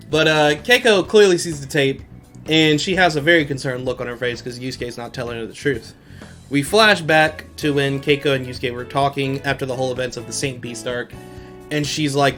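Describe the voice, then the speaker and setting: A man's voice: medium pitch, fairly quick, a bit bright, soft background music. A man hosting a podcast, casually recapping an episode in slangy talk and laughing often. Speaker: podcast host.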